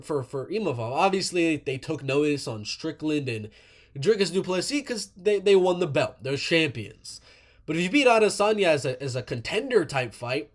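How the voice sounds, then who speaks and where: Animated man giving MMA commentary. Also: on the high side. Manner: animated, repeats words, restarts often. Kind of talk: casual solo commentary.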